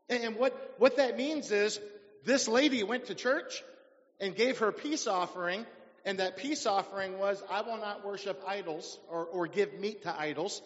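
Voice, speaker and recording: Male pastor, high voice, sermon with call-and-response questions, dull hall recording. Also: moderate pace, fairly bright tone. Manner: preaching with rhetorical questions to the congregation. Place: church sanctuary. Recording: dull sound in a reverberant church hall.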